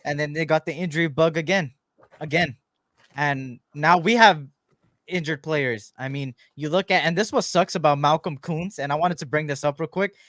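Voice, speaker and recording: A man's voice: a little high, moderate pace, a bit bright, no room sound, studio quality. A man hosting a sports podcast, talking casually with lots of fillers and playful ribbing of his co-host.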